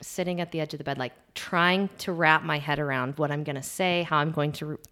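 A middle-aged woman hosting a casual podcast, telling a story with a lot of laughter and going quiet at the embarrassing parts. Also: sits low, brisk, clear, resonant tone. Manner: animated storyteller, laughs often, drops to a hushed voice at the embarrassing parts. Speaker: podcast host.

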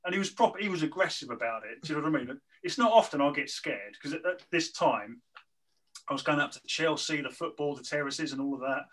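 A man tells a rambling story in a bright, fairly high voice. He talks casually and animatedly, with plenty of fillers and restarts. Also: animated, quick pace, low-quality recording. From southern England. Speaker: guest telling a story. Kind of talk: casual anecdote telling.

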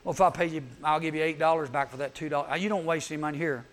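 Eager repentant tax collector voiced by a man preacher, high-voiced, tumbling out generous promises. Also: steady tone, racing, lightly acted.

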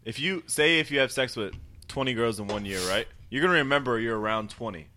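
A man's voice: mid-range voice, fast talker, sharp tone, slight background noise. A man co-hosting a casual podcast, jokey and steering the conversation. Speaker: podcast co-host. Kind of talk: casual chat.

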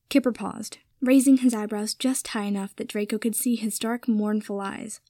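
A woman's voice: medium pitch, steady tone, normal speed, few pauses, mellow, no echo, clean studio sound. A young woman reading fan fiction aloud, narrating the story and then signing off with chatty, rambling asides. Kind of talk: storybook narration with a casual sign-off.

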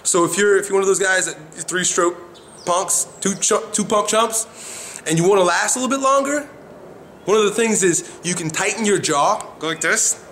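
A man's voice: sits high, normal speed, a bit bright, slight background noise. A man giving frank, profane coaching talk about the body, blunt and demonstrative.

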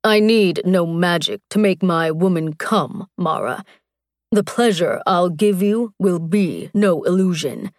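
A woman voicing a fierce, hulking barbarian warrior man in an audiobook, with low, intense, commanding delivery. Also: lively intonation, slow pace, dry recording, studio quality. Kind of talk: audiobook character voice.

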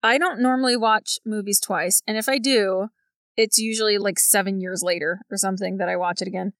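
A woman from Colombia co-hosting a podcast in a relaxed, chatty way, laughing often. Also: medium pitch, brisk, no echo, clean studio sound. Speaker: podcast co-host. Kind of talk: casual chat.

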